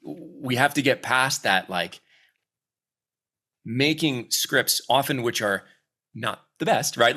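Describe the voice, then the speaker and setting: A voice actor chatting casually in an interview, lively and acting out quoted lines as he coaches. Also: medium pitch. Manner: animated, acts out quoted voices. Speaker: voice actor guest.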